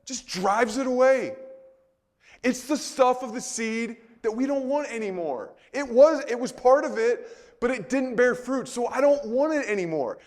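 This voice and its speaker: A man preaching a sermon in a conversational way, full of rhetorical questions, moving between soft and loud delivery. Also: extremely high pitch. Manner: conversational, repeats words.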